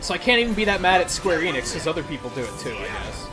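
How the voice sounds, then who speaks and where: A man's voice: fairly high pitch, sing-song, fast. A man live-streaming a video game, rambling casually and swearing often. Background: faint game music.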